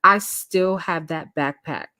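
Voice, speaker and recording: A woman telling a personal story in casual chat, animated, acting out quotes and laughing often. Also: low-pitched, takes it slowly, no echo, clean studio sound. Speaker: storytime host.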